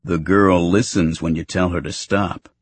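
Man doing a gruff, teasing old farmer. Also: low voice, normal speed. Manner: teasing, boisterous. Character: gruff, mischievous older farmer.

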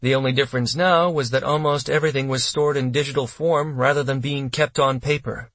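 A man reading an audiobook in steady, measured scripted narration, close to the mic. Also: mid-range voice, no echo.

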